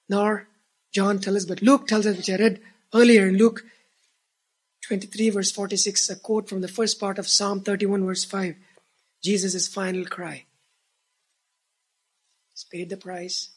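A preacher delivering a sermon in an earnest manner, swinging from emphatic declarations to hushed, near-whispered lines. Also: medium pitch, breathy edge.

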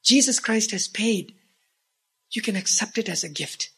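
Husky earnest preacher. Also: medium pitch, lively intonation, a little slow. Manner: earnest, swings from emphatic to hushed. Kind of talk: sermon.

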